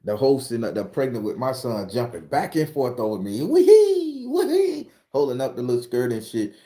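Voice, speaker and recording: A man from Florida, hosting a casual live chat and telling stories in a profane, animated way. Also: medium pitch, brisk. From southern Florida. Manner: profane, animated storyteller reading out viewer comments. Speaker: host.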